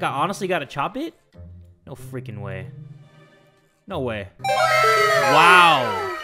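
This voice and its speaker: A young man commentating a video game, excitable, joking and swearing. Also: on the high side. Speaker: gaming channel host. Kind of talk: let's-play commentary.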